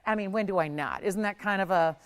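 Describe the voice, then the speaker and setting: A woman's voice: mid-range voice, a little fast, clean tone. A middle-aged woman hosting a live shopping channel, chatty and upbeat as she pushes deals and prices, her voice still recovering. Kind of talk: live home shopping sales pitch. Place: TV studio.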